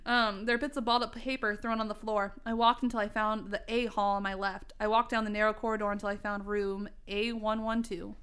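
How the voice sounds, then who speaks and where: A woman's voice: mid-range voice, level tone, fairly quick, few pauses, a bit bright, clear, resonant tone. A woman in her thirties reading her old teen story aloud, breaking into laughter and self-mocking asides. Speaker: reader.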